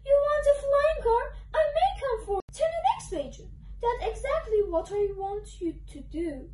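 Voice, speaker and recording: A woman's voice: extremely high pitch, darkish tone, recorded from a distance, exaggerated voice. A woman reading a picture book aloud, voicing a desperate, whiny storybook character who pleads and sobs dramatically. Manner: dramatic pleading, sobbing and bargaining. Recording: roomy echo, away from mic.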